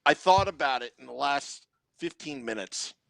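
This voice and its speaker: A man's voice: mid-range voice, lively intonation, normal speed, gravelly, a bit bright, no echo. A man co-hosting a hockey podcast, laying out his game analysis point by point. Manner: methodical, list-like analysis. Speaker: podcast co-host. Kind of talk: sports analysis chat.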